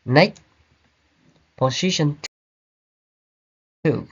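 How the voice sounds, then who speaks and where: A man teaching an online grammar class, explaining slowly and checking in with "right?" and "okay?". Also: fairly high pitch, breathy edge, dull audio. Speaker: English teacher. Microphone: computer mic on a video call.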